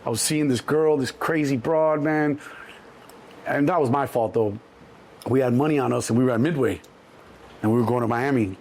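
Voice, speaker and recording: A middle-aged man, telling stories as an interview guest in a lively, profane way and acting out other people's voices. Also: normal speed, long pauses. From Chicago. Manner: animated, acts out other people's voices in a higher pitch, profane. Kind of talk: storytelling in an interview.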